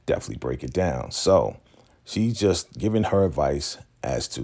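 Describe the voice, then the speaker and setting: A man hosting a casual episode recap, telling it in an animated way with quick laughs. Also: a bass voice, vocal fry. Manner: animated storytelling, slips in laughs and acted-out quotes. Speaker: YouTube recap host.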